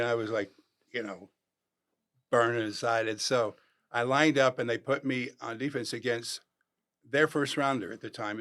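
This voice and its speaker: An older man tells stories as a podcast guest, lively, and he acts out what people said. His voice sits at an ordinary middle pitch. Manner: animated storyteller acting out quotes. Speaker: guest, former pro football player. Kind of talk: storytelling in a podcast interview.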